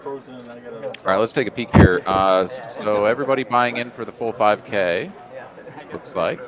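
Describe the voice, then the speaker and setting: A man's voice: lowish voice, moderate pace, crowd noise. A man, commentating a live poker cash game in a laid-back, drawling way with frequent fillers.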